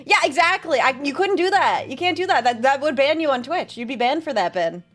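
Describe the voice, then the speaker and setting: A woman's voice: high-pitched, lively intonation, a little fast, fairly bright tone, faint music behind. A woman streamer chatting casually with her viewers, sarcastic and laughing often. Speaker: VTuber streamer. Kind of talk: casual stream chat reading viewer messages.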